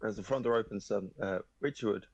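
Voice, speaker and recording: A man's voice: low-pitched, moderate pace, a little mellow, breathy edge, muffled recording. A man co-hosting a comedy show, reading a story aloud in an offhand way, swearing and losing his place. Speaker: podcast co-host reading stories aloud. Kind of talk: casual comedic read-aloud chat.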